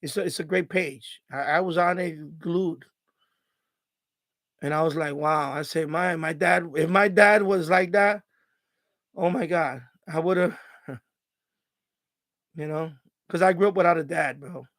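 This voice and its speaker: A man's voice: a little high, unhurried, fairly bright tone, no room sound. A middle-aged man hosting a live stream from home, talking emotionally and getting choked up, rambling with many restarts. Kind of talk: casual live stream chat.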